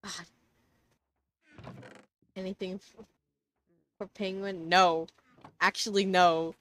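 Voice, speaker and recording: A young woman streams a game and talks to herself the whole time, swearing and grumbling in mock anger. Her voice sits at a middle pitch for a woman. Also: level tone, slow pace, fairly bright tone. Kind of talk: casual gaming stream commentary.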